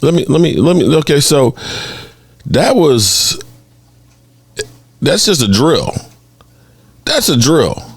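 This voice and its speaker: A man's voice: fairly high pitch, slow pace, creaky, long pauses, husky, no room sound. A man hosting a sports podcast, giving opinionated, exasperated commentary and pushing back at critics. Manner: animated, exasperated, mocks critics in exaggerated voices.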